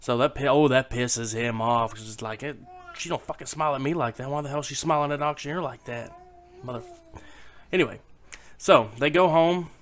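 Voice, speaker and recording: Speaking briskly at medium pitch, a YouTube joke teller sits at home with his daughter on his lap. He casually tells the camera a rambling joke laced with swearing.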